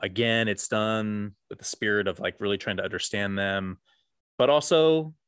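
A man co-hosting a podcast, teasing his partner with quick quips and then reading a prayer aloud. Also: lowish voice, a bit bright, clean tone, no echo, studio quality. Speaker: podcast co-host. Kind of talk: casual chat and reading a prayer.

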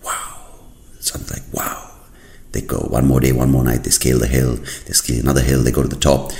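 A man's voice: extremely low pitch, fast talker, creaky. A man from India, a native Kannada speaker, hosting a comedic podcast monologue with crude asides. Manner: animated storytelling with crude asides. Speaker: podcast host. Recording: echoey room.

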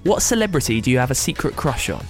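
Woman interviewer, very deep voice, lively pitch, brisk quick-fire questions, faint music.

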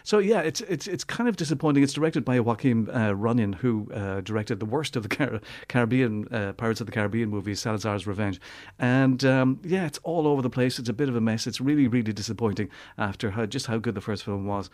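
Guy doing a quick film review on the radio, talks fast, trips over his words, average pitch. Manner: animated, repeats words while searching for them. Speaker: movie reviewer.

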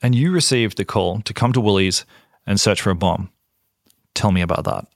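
Australian male podcast host, low voice, dry close mic, chatty narration with ums. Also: normal speed, vocal fry, dry recording. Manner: conversational with fillers and restarts. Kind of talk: casual storytelling narration.

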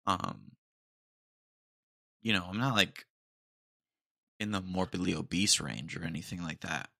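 A man's voice: sits low, a little slow, gravelly, sharp tone, no echo, clean studio sound. A man hosting a casual solo podcast, rambling and joking as he talks. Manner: rambling and jokey, says "dude" a lot. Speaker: podcast host.

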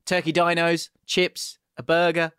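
A man's voice: on the high side, monotone, slow pace, a bit bright, clear, resonant tone, no room sound, clean studio sound. A man hosting a casual podcast, chatty and laughing as he reads listener messages aloud. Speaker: podcast host.

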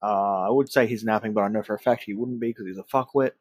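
A man's voice: on the low side, fast, dry recording. A man co-hosting a casual podcast, tired and self-deprecating. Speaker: podcast co-host. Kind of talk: casual chat.

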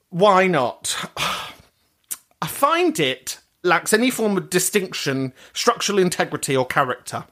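Camp man with swooping pitch. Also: sharp tone. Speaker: podcast host. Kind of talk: casual chat, reading out listener messages.

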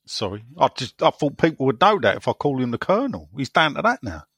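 A man's voice: mid-range voice, very animated, fast talker, a bit bright, breathy edge, no room sound, studio quality. A man hosting a casual football podcast, teasing his co-hosts and reading out listener emails. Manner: jokey, teasing, reads listener emails aloud. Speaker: podcast host.

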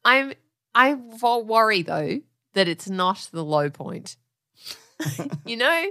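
A woman co-hosting a podcast, chatty and quick to laugh. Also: a little high, sing-song, sharp tone. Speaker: podcast co-host. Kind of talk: casual chat.

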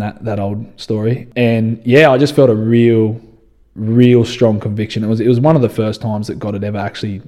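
A young Australian man with a fairly low, warm and mellow voice tells his own story as a guest in an interview. He sounds relaxed and conversational and keeps circling back with "you know.". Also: normal speed. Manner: relaxed and conversational, often says "you know" and restarts phrases. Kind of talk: reflective personal storytelling.

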